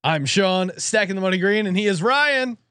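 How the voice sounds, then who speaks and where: Male podcast host, slightly higher voice, upbeat and brisk, dry close mic. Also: expressive, pushed and bright, clear, resonant tone, dry recording. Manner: upbeat, brisk, running the show. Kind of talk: casual fantasy draft banter.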